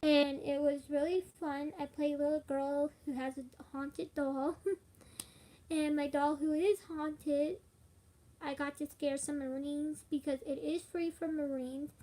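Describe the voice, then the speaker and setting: A woman's voice: high-pitched, fairly even intonation, measured pace, warm tone. A young woman chats on a live stream. She sounds worn out and rambles from one thought to the next, full of fillers. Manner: rambling, with frequent fillers and laughs. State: tired. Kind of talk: casual live stream chat.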